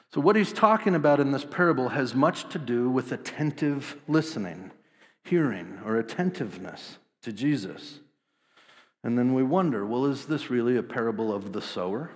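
A man's voice: medium pitch, lively intonation, normal speed. A man preaching a sermon, explaining scripture conversationally with asides and light jokes. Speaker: pastor. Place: church sanctuary. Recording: long hall reverb.

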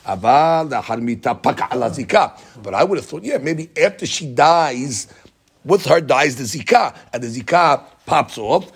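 Male Talmud teacher, husky voice, methodical and repetitive in his explanations, mid-range pitch. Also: animated, moderate pace. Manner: explains step by step, repeats key phrases, answers students' questions. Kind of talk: Talmud study class explanation.

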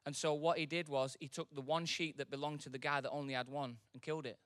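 A man's voice: fairly high pitch, level tone, fast, dry recording. Guy preaching, chatty then fired up, dry close sound. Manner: conversational, swelling into impassioned loud preaching. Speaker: pastor. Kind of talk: sermon.

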